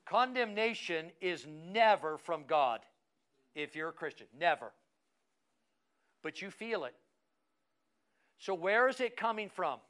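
A man's voice: sits high, expressive, takes it slowly, pauses often, a bit bright, smooth. A man preaching a teaching sermon, who asks his class questions and calls on members by name. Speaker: pastor.

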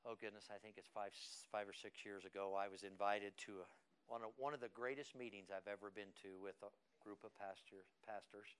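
A man preaching a sermon in a church service. He tells the story with dramatic repetition and builds up to shouting. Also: lowish voice, fairly even intonation, fairly quick, smooth. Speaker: pastor.

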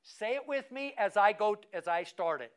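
A man with a high voice preaches to his class. He asks the room questions and calls on people by name as he teaches. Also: lively intonation, normal speed, clean tone. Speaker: pastor. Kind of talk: sermon teaching.

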